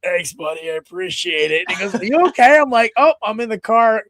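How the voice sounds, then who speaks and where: A man co-hosting a sports podcast, chatting casually and excitably, rambling with lots of restarts. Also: sits high, a little fast, no room sound. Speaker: podcast co-host.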